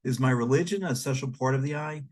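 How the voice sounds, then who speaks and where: A man's voice: medium pitch, a little mellow. Man reading reflective nonfiction aloud. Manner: measured and reflective, addressing the listener directly. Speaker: audiobook reader. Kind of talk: read-aloud nonfiction narration.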